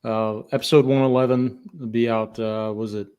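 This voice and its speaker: A man co-hosting a horror podcast, giving halting, filler-heavy announcements in casual chat. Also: mid-range voice, steady tone, a little mellow, clear, resonant tone, dull audio. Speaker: podcast co-host. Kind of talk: casual live-stream chat.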